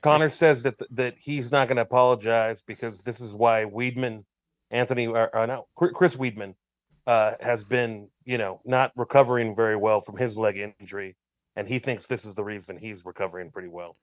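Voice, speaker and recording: A man, a regular on a podcast, chiming in with quick offhand remarks in casual chat. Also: mid-range voice, fairly even intonation, no echo, clean studio sound.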